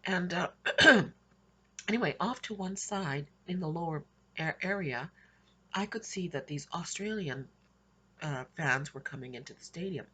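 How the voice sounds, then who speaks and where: Her voice is fairly low, a bit bright and husky, and she speaks at a measured pace with plenty of animation. This Christian vlogger recounts her dreams in loose, casual storytelling, often starting over and laughing softly as she goes.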